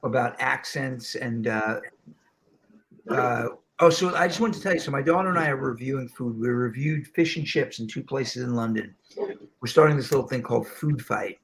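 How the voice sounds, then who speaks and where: Gravelly animated storytelling man. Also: mid-range voice, normal speed. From New York. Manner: animated storyteller, slips into voices. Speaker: show host. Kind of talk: casual storytelling chat.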